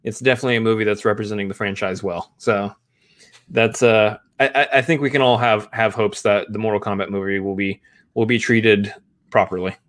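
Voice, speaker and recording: A man co-hosting a casual movie stream, talking in halting starts and repeating his words. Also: lowish voice, steady tone, fairly bright tone. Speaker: movie podcast co-host. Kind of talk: casual live-stream chat.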